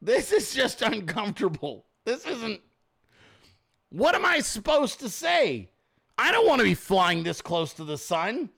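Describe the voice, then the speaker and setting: Hosting his own livestream, a man rants about politics fast and profanely, ad-libbing and sometimes shouting as he acts out scenarios. His voice sits high, creaky with a breathy edge, and his delivery is rapid and animated.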